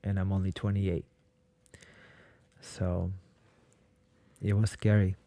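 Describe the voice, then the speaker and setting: A man's voice: low voice, little pitch movement, takes it slowly, dark tone. A man from Ukraine, a podcast guest, telling his story in a blunt, casual way and swearing freely. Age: 20s.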